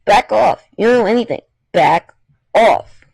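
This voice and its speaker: The enraged, volatile young woman of a fan-fiction reading screams insults and accusations, put on by a man in a pitched-up voice. Her voice sits high, with a gravelly edge and a dry, close sound. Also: lively intonation, unhurried, no echo, exaggerated voice. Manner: shouting insults, raised pitch.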